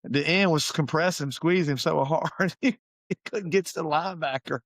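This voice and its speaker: A middle-aged man from Georgia, a high school football coach telling stories in a casual interview in a folksy, animated way. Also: moderate pace, dry recording. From Savannah, Georgia, US.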